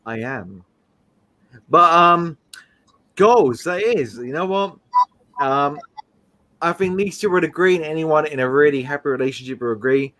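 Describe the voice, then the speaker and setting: Lively high-voiced man chatting. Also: unhurried, long pauses. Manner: animated, rambling storyteller with frequent laughs. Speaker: streamer host. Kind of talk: casual live-stream chat.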